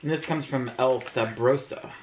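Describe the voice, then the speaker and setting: A woman's voice: a bass voice, moderate pace. A woman hosting a casual snack-tasting vlog, reading out the labels with enthusiasm. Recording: echoey room with faint noise.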